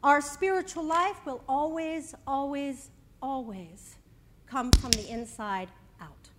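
Slow, soothing woman minister. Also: high-pitched, in a large hall, background noise. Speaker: minister leading meditation. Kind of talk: sermon with guided breathing meditation.

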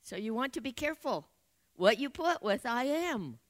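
A woman giving an Easter sermon as a spiritual teacher, speaking in slow, affirming and prayerful phrases. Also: on the high side, very animated.

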